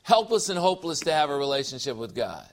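A middle-aged man preaching a sermon, animated and full of joking asides and rhetorical questions. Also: on the high side, gravelly. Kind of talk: sermon with humor.

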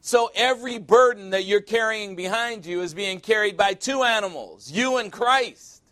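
Preacher, man, high-pitched, chatty and joking from the pulpit, punches key points hard. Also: normal speed, a bit bright. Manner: conversational and joking, with emphatic asides. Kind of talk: sermon.

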